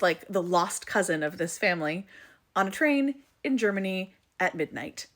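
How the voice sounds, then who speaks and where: A woman from rural Vermont telling a story in a casual storytime vlog, animated and playful with comic exaggeration. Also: medium pitch. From rural Vermont, USA. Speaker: storyteller, mother.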